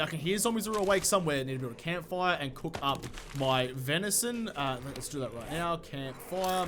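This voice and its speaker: A man doing let's play commentary, excitable and sweary, talking to the enemies he fights, his voice a little off from being sick. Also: a little high, background noise. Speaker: gaming YouTuber.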